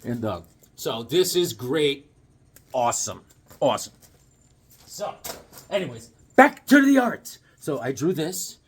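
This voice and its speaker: Middle-aged male vlogger, goofy and jokey, slightly high husky voice. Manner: goofy, joking, animated, acts out quick bits. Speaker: comic collector vlogger. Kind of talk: rambling casual vlog with jokes.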